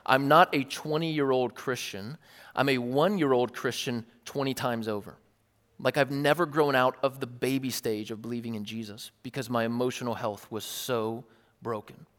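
A man preaching a sermon in a church hall, talking casually and earnestly with animated, wry asides. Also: mid-range voice. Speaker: pastor. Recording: long hall reverb.

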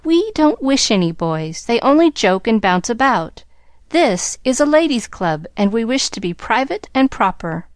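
A woman's voice: on the high side, very animated, unhurried, no room sound, clean studio sound, voice pushed up. A woman voicing a prim, elegant young girl in a storybook reading. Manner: prissy, proper.

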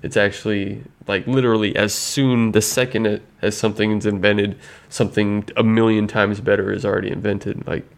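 A man talks in a loose, meandering podcast conversation, often trailing off and restarting his sentences. His voice sits a little low and has a gravelly edge. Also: little pitch movement, normal speed, hardly any pauses. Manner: hesitant, many restarts and "I don't know". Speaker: podcast co-host. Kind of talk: casual chat.

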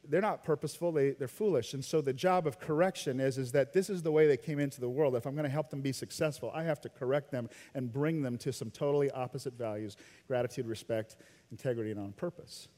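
A man's voice: medium pitch, fast. A man preaching a sermon as a pastor, telling family stories with acted-out quotes and frequent laughter. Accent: Midwestern American. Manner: animated storytelling, acting out quoted lines, laughs often. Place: church auditorium. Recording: long hall reverb.

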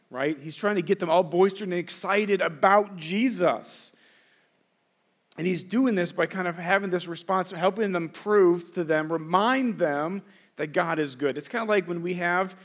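A middle-aged man, a pastor, preaching a conversational sermon full of rhetorical questions. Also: high voice.

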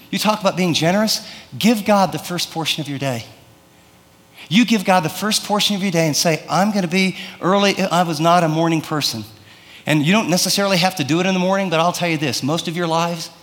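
A man's voice: on the high side, fairly bright tone, in a large hall. A man preaching a sermon in a conversational way, acting out prayers and telling stories. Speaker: pastor.

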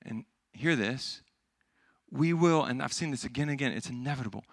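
A young man preaching a sermon, animated and emphatic, moving between loud peaks and hushed asides. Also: mid-range voice, a little fast, creaky, no echo, clean studio sound. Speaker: pastor.

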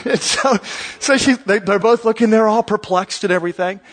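A male pastor telling a story to his congregation at a church service, animated and chatty with frequent uhs. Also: high-pitched, normal speed.

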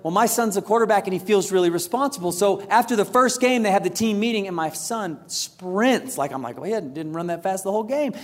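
Animated man preaching in a reverberant hall. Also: high-pitched. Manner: animated storytelling, acts out quotes. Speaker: pastor. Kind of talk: sermon. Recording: large hall with long reverb.

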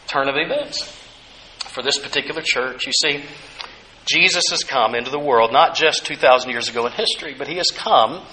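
Male pastor, sermon, earnest, bright tone, soft repeated phrases, slight hiss. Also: medium pitch, low-quality recording.

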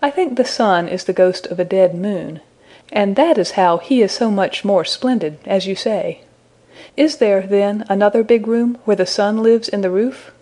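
A woman voicing an innocent, curious young woman who asks gentle, wondering questions, in a storybook reading. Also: mid-range voice, normal speed, natural voice.

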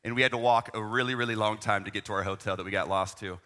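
A man's voice: on the low side, fairly even intonation, fast talker, pushed and bright. A young man, a youth ministry leader, telling a travel story in a conversational way, full of "man" and "right?" asides. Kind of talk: storytelling talk.

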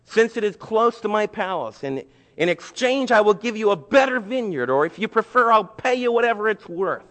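A petulant, spoiled king as a preacher puts him on whines and wheedles in a high, pushy voice. He sounds like a grown man sulking for a toy. The voice rings with the long echo of a big hall. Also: expressive, moderate pace, fairly bright tone. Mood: coaxing. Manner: whining, pleading.

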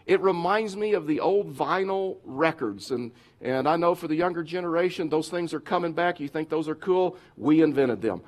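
A man's voice: a little high, normal speed, hardly any pauses. A man preaching a sermon as pastor, emphatic and repeating his key phrases again and again.

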